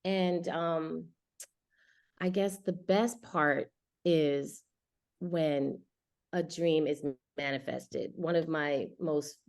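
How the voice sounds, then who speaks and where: A woman's voice: low-pitched, drawn-out words, vocal fry, a little mellow. A woman, a restaurant owner speaking candidly and from the heart as an interview guest. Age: 40s. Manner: candid and heartfelt, with casual slang. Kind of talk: conversational interview.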